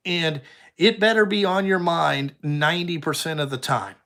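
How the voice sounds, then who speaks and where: Young trucking boss, fairly high-voiced man, blunt and profane, rambling live chat with viewers. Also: normal speed, fairly bright tone. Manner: blunt, heavy swearing, rambling. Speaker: trucking company owner. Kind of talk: casual livestream chat answering viewers.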